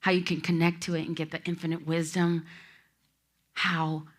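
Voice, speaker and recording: A woman's voice: lowish voice, flat delivery, moderate pace. A woman giving an inspirational talk to an audience, telling a personal story in an emotional, heartfelt way and speaking to the listeners directly. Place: expo talk before an audience.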